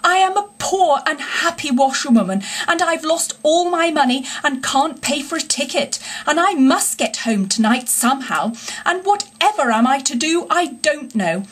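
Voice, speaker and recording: A woman's voice: huge pitch swings, moderate pace, few pauses, pushed and bright, husky, exaggerated voice. Toad, a tearful boastful toad, as a woman puts him on. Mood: sobbing. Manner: tearful, high and pleading. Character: boastful male toad disguised as washerwoman.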